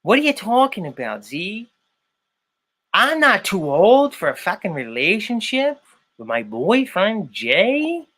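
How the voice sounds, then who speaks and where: Brief: man putting on a loud Chicago lady, pitched way up, scolding and profane. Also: huge pitch swings, full character voice. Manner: mocking, drawn-out, scolding.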